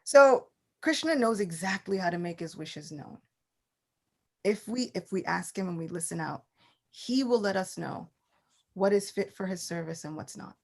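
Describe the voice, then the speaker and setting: A woman giving a scripture class, telling the story in a lively, animated way. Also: fairly low pitch, moderate pace, gravelly.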